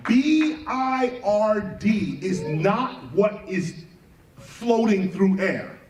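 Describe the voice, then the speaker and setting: Animated man lecturing in a roomy space. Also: high voice, extremely slow. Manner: emphatic, rhetorical questions, spells out words letter by letter. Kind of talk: spoken lecture to an audience. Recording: roomy, distant mic, faint background ambience.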